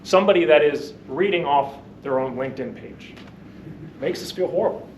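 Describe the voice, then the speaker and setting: A man's voice: fairly high pitch, moderate pace, a little hiss or hum. A man giving a confident impromptu club speech that poses questions to the audience. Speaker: table topics speaker. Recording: echoey room, mic far off.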